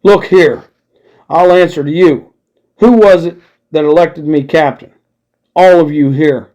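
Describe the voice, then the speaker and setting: A gruff, crafty pirate captain who blusters at his crew and wheedles in salty sailor talk. A man reads him aloud, his voice sitting a little high. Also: measured pace, darkish tone, lightly acted. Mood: blustering.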